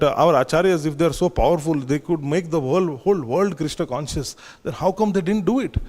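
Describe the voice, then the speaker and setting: Storytelling man teaching in an echoey temple hall. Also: fairly high pitch. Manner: storytelling, with frequent fillers and restarts. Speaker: class speaker at a temple. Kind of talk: scripture class lecture. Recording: long hall reverb.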